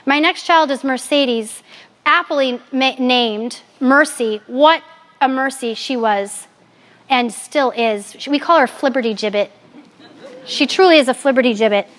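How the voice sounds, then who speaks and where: A woman in her forties gives a personal faith talk to a gathered audience. Her voice sits high, and she speaks candidly and with animation, mixing in jokes. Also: unhurried, fairly bright tone. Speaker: Catholic speaker.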